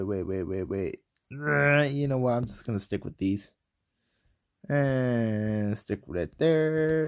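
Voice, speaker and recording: An excitable young man talks through his gameplay in a loose, rambling way. He flips fast between confident boasting and frustrated outbursts, with plenty of fillers. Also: mid-range voice. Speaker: gaming commentator. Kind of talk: casual gameplay commentary.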